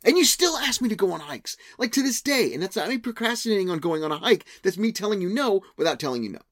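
Joking man with a lively voice. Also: high voice, quick pace, no room sound, clean studio sound. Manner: joking, teasing, mock-defensive. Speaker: podcast co-host. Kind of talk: casual chat.

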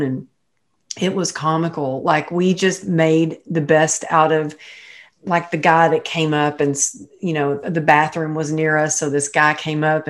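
A middle-aged woman telling a personal story in casual chat, animated and jumping up high when she quotes people or laughs.

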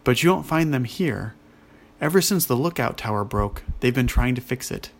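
A man's voice: mid-range voice, lively intonation, normal speed, gravelly. A man voicing a hearty, jovial female dwarf at a mining camp in a children's story.

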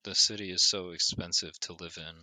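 A man co-hosting a podcast who answers in brief, dry remarks. His voice sits low but has a sharp, tense edge. The sound is close and dead dry. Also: steady tone, fairly quick, dry recording. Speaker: podcast co-host. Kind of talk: casual podcast chat.

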